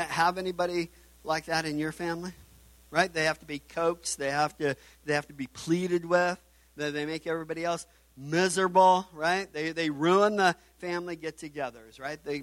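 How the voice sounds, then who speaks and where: A man's voice: a little high, a bit bright, no echo. A man preaching a sermon in a conversational way, often repeating words and asking "right?" as he goes. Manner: conversational preaching with frequent "right?" tags and stammered restarts. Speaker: pastor.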